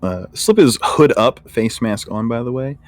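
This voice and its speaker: A man's voice: mid-range voice, expressive, normal speed, a little hiss or hum. A man player who speaks hesitantly with many fillers. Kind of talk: casual play at a tabletop game.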